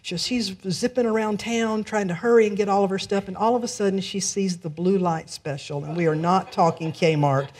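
A woman minister telling a story in a sermon, lively and quick to laugh. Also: mid-range voice.

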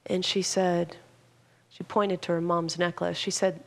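A woman minister preaches an earnest sermon with a storyteller's pacing. She often rises to fervent emphasis. Her voice has a noticeable gravelly fry. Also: lowish voice, flat delivery, a little slow.

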